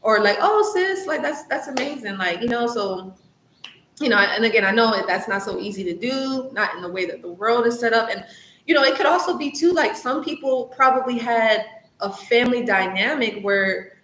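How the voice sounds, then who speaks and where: A woman's voice: a little high, moderate pace, a bit bright. A woman hosting her own advice vlog. She talks casually and earnestly, with lots of "like" and "you know", and repeats points to encourage the listener. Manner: chatty, loose, full of "like" and "you know". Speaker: channel host, coach on recovery from narcissistic abuse. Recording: echoey room with faint background hiss.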